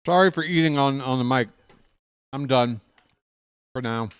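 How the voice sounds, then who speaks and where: A man's voice: mid-range voice, a little slow, clean tone. A man ranting sarcastically and with exasperation as a fan commentator, in casual live baseball talk on a close desk mic.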